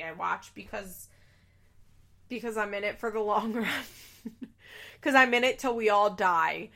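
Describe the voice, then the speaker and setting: A woman's voice: medium pitch, gravelly, bright, forceful tone. Young woman, mid-range voice, for a casual opinionated recap: blunt, exasperated, swears freely. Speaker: reality TV recapper.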